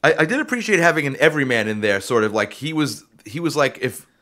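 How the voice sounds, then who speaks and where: A man hosting a casual movie review podcast, talking animatedly and acting out scenes from the film. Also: mid-range voice. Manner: animated, quick to act out scenes. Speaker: podcast host.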